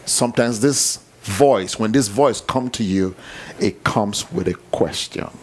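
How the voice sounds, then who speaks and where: A man preaching a sermon with repetition and emphasis, dropping to hushed tones and rising to near shouts. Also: lowish voice, unhurried.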